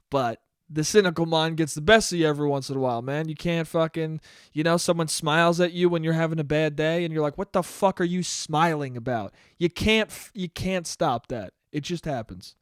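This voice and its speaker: A man's voice: on the high side, brisk, clean tone, dry recording, clean studio sound. A young man hosting a solo podcast, ranting in a profane, self-mocking way and acting out the voices in his head. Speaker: podcast host. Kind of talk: solo comedic monologue.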